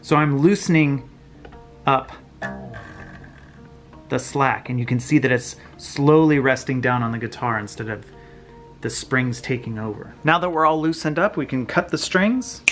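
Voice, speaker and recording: A man's voice: medium pitch, measured pace, pauses often. A man hosting his own channel, casually walking viewers through a hands-on guitar tutorial in his home workshop, explaining step by step. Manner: relaxed, explains step by step, some restarts. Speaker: guitar builder and channel host.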